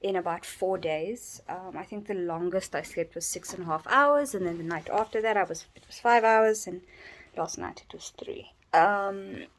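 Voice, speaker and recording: A tired, sleep-deprived woman rambling in a personal vlog from her bedroom, yawning and halting with many restarts. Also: on the low side. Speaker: vlogger.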